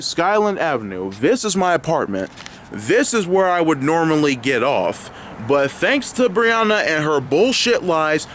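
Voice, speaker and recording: A man's voice: sits high, fairly bright tone, slight background noise. A young man vlogging outdoors near his home, ranting indignantly and rambling with lots of fillers and restarts. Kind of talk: angry ranting vlog.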